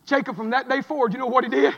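A man, preaching a sermon as pastor, swinging from quiet murmurs to shouted fervor. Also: extremely high pitch, very fast, highs cut off. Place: church sanctuary. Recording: long echo of a church sanctuary.

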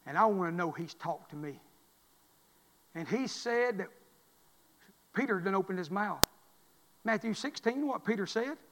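A man preaching as pastor in a church, repeating lines and building to loud, shouted climaxes. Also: sits high, animated, measured pace, long pauses, slight background noise. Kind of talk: sermon. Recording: long reverb of a church hall.

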